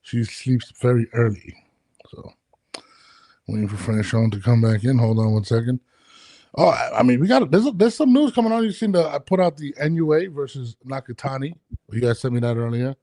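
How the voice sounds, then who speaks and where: Mellow-voiced man hosting a podcast. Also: medium pitch, no echo, clean studio sound. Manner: loose, halting talk with many restarts. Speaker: podcast host. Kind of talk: casual video-call interview.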